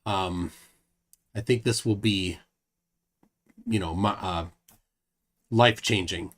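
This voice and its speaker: A man's voice: sits low, takes it slowly, fairly bright tone. A man hosting a casual live stream, reading viewer comments aloud and teasing his guest dryly. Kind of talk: casual livestream chat.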